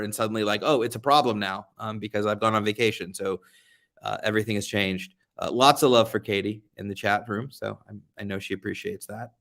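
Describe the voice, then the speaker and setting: A man's voice: lowish voice, fairly bright tone. A young American man hosting a casual live-stream chat from a beach getaway, greeting viewers by name and joking about himself. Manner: chatty, self-deprecating, greets viewers by name. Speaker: livestream host, advocate. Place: beach rental during a getaway.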